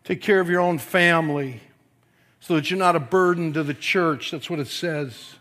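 Man, pastor, sermon, high voice, forceful preaching, quiet to yelling. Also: normal speed.

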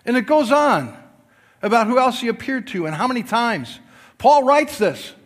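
High-voiced preacher swinging loud to soft. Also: male voice, sing-song, moderate pace, in a large hall. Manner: jokes with the congregation. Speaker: pastor. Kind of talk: sermon. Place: church before a congregation.

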